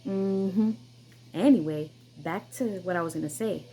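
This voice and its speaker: On a rough recording, a woman who hosts her own channel tells a personal story emphatically and insistently, repeating herself and restarting often. Her voice is fairly low, a little slow and dark in tone.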